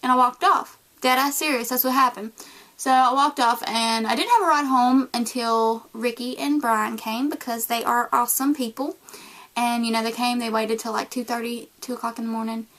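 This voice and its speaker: A woman's voice: a little high, normal speed. A young woman from the United States with a Southern accent, casually telling a story to the camera and acting out the people in it. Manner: animated, acts out voices in her retelling. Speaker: vlogger.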